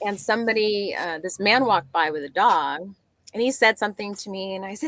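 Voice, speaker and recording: Woman guest, animated storyteller who acts out dialogue, dry close sound, mid-pitched. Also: normal speed, no room sound. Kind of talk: casual storytelling chat.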